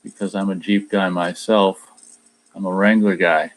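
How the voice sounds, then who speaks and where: Male host, lowish voice, casual and rambling, reads chat comments and restarts his sentences a lot. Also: little pitch movement, normal speed. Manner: rambling, repeats words when starting sentences; tries a mock Australian accent in a few short bits. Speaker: radio show host reading live chat.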